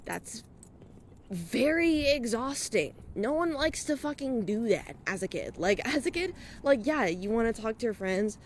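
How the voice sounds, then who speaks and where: She sounds slightly breathless from walking as she vlogs outside after dark, a young woman who podcasts and vlogs, drifting through a casual personal monologue full of swearing. The voice is a little high with large pitch swings and an unhurried delivery, over slight background noise.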